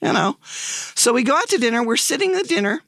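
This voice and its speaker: A woman in her sixties, a podcast guest, telling stories in a lively way and acting out the voices she quotes. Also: a little high, fairly quick, dry recording. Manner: lively, animated storyteller who acts out quoted voices. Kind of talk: casual podcast storytelling.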